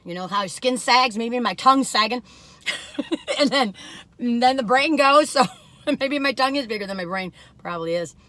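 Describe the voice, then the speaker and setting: Her voice is on the high side, pushed and bright, at a normal speed, and the recording is dry. She's an older woman vlogging from her car, sampling cookies and chatting in a gushing, giggly, casual way.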